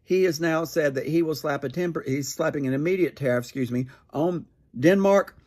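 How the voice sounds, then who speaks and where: A man's voice: a little high, fairly quick, darkish tone. A man commenting on political news in a sarcastic, mocking tone, firing rhetorical questions. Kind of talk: opinionated news reaction.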